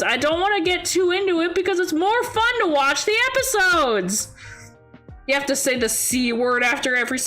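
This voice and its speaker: Young woman streamer, slightly high voice, rambling casual chat, giggly, faint music underneath. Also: expressive, normal speed, fairly bright tone.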